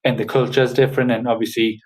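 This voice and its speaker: This podcast guest is a man from Newcastle in northeast England, speaking with a northern English accent. He chats in a relaxed, hesitant way, full of fillers, at a fast pace with a medium-pitched voice. The audio quality is poor.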